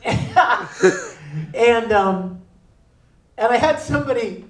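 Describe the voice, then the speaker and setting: A male convention guest telling stories on a panel, laughing often and acting out the other voices. His voice is high and swoops widely. He is heard from far off in a roomy, echoing hall. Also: slow. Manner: lively, laughing, acts out voices. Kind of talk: animated storytelling. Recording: echoey room from far off.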